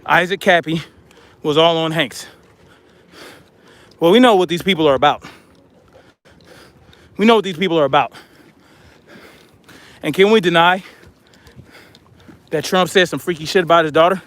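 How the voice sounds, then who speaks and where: Breathless man, high pitch, blunt outdoor vlog monologue while hiking. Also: normal speed, long pauses, fairly bright tone. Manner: blunt, chatty, addresses viewers as y'all. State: out of breath from hiking uphill with a pack. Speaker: vlogger.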